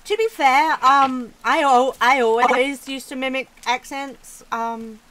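A woman's voice: sits high, steady tone, slow, fairly bright tone. A woman streamer chatting casually while gaming, playful and teasing, laughing often. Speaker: streamer host.

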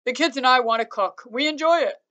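A woman reading aloud and voicing a grumbly but kind middle-aged father who calls out loudly. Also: sits high, a little fast, lo-fi sound, pitched above the performer's own voice. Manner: loud hollering, then warm and gentle.

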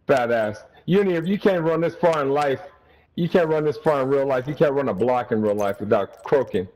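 A man's voice: medium pitch, normal speed, darkish tone. A young man trash-talking an opponent over game voice chat, taunting, crude and repetitive. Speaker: gamer streaming.

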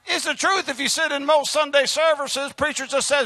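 A male pastor preaching an impassioned sermon, breaking into shouts. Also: very high voice, a little fast, no echo. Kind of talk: fiery sermon.

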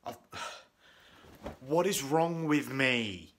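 A man's voice: mid-range voice, lively intonation, drawn-out words, fairly bright tone, slight background noise. A young man vlogging casually at home, rambling and mocking himself, with lots of fillers. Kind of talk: casual vlog chat. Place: at home, indoors and out. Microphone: handheld camera at arm's length.

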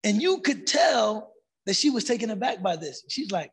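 A man with a high, slightly husky voice talks as a podcast guest. He is relaxed and conversational, drops in Arabic phrases, and often affirms what the host says. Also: normal speed.

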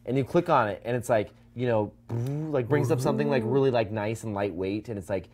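A man hosting a casual chat show, rambling excitedly through an idea with many "like"s and restarts. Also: medium pitch, fairly quick. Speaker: show host.

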